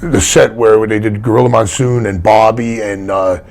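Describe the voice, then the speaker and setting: Gravelly older man telling wrestling stories. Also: fairly low pitch, steady tone, normal speed, darkish tone. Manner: rambling, blunt, with many restarts. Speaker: retired wrestler interviewee. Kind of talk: casual storytelling in an interview.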